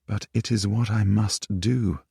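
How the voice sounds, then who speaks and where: A man's voice: lowish voice, fairly even intonation, a little slow, vocal fry, warm tone, husky, no room sound, studio quality, heavily acted. A man reading an audiobook, voicing an earnest sixteenth-century knight who speaks in a formal, old-fashioned way. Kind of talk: audiobook character voice.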